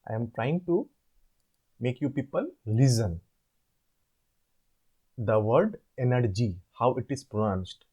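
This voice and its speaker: A man, tutoring students through assignment answers, slowly drawing out example words to demonstrate them. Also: medium pitch, expressive, dark tone, slightly rough. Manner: drawn-out demonstration words, repetitive. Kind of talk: informal screen-share explanation.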